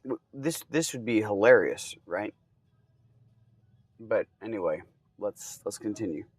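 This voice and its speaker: A man teaching from the Bible in a relaxed, conversational way, reading passages and adding casual asides. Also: fairly low pitch, unhurried, breathy edge, no room sound, rough recording.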